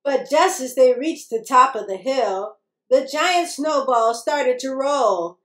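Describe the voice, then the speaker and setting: A woman reading a children's bedtime story aloud in a slow, expressive, sing-song way. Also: high-pitched, echoey room. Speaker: children's book reader.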